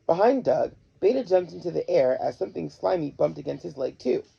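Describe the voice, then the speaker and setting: A storybook host giving an expressive, animated read-aloud of a children's story. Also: medium pitch, a little fast, vocal fry, husky. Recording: dull lo-fi with faint music.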